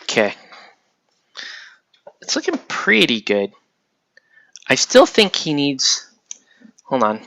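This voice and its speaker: A man in a mid-range voice talks slowly, pausing often, as he paints a miniature in a casual tutorial. Relaxed, he thinks aloud and drifts off mid-sentence, recorded with no echo.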